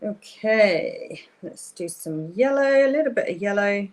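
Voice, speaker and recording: A woman's voice: mid-range voice, animated, measured pace, rough recording. Chatty woman hosting a live craft class. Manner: chatty, thinks aloud while painting, apologetic. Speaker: craft workshop host. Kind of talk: live-streamed craft tutorial.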